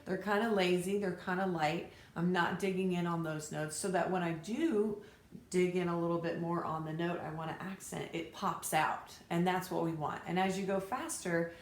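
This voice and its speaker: A woman's voice: lowish voice, fairly even intonation, moderate pace. A woman teaching fiddle to her students in a casual, encouraging way, counting beats and naming bow strokes aloud. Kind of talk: casual instructional talk to students. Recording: echoey room, faint background noise.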